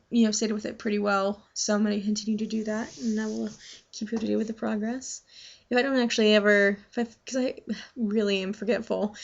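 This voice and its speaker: A woman's voice: medium pitch, gravelly, fairly bright tone. A young adult woman talking casually to her vlog audience, rambling with many fillers and restarts. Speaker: vlogger. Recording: dull lo-fi sound.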